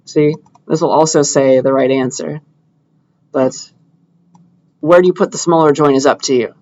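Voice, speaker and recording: A man's voice: on the high side, steady tone, normal speed, a little mellow, dull audio. A young man giving a casual computer science lecture, talking students through a coding demo while he clicks. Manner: casual, chatty, thinking aloud while clicking through code. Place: lecture hall.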